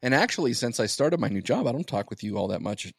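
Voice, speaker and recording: A man's voice: medium pitch, lively intonation, fast, creaky, husky, no echo, studio quality. A man co-hosting a podcast in casual chat, rambling and repeating words as he goes. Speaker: podcast co-host.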